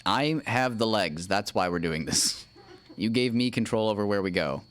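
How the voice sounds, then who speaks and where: A man's voice: lowish voice, animated, normal speed, fairly bright tone, smooth. A man streaming a video game with his wife, chatting playfully, narrating his own moves and humming silly nonsense tunes. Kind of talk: casual livestream gaming commentary.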